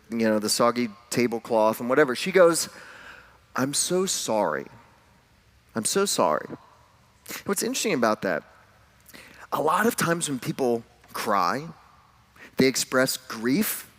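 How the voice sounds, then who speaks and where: Man, pastor, sermon, conversational storytelling, self-deprecating humor, mid pitch.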